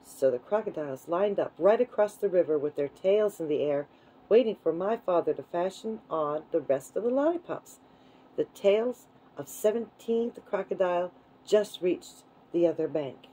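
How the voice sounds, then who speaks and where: A woman reading a children's book aloud in a gentle, unhurried way. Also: lowish voice, lively intonation, breathy edge, poor audio. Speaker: storyteller.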